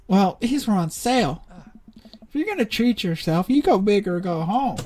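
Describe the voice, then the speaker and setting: A woman reading game dialogue aloud as a gruff, teasing middle-aged dad with a blunt, drawling manner. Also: mid-range voice, lively intonation, moderate pace, mellow, close to an everyday voice.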